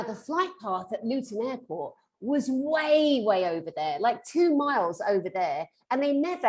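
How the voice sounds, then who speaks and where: Animated woman telling a story. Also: a little high, poor audio. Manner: lively, expressive, swings between loud and hushed. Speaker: conference panelist.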